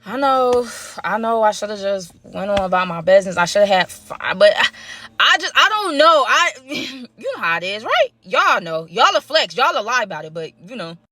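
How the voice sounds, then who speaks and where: Young woman, casual storyteller, talks right to her viewers, slangy and lively, bright tone. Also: medium pitch, normal speed. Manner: slangy, chatty, addresses viewers directly.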